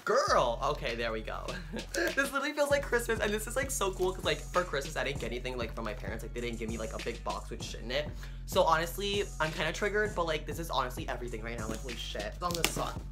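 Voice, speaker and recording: A man hosting a casual unboxing vlog, talking in a hyper, excitable way and swearing constantly. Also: a little high, fast. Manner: hyper, excitable and heavily profane. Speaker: vlogger. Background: music.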